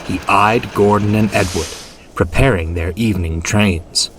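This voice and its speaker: A man giving a storybook narration in an expressive, deliberate way. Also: on the low side, noisy background.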